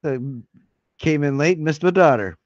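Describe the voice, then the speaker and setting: A man's voice: on the high side, expressive, normal speed, no room sound. A man hosting a casual live stream, chatting in a rambling, joking and loose way. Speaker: livestream host. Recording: dull lo-fi stream audio.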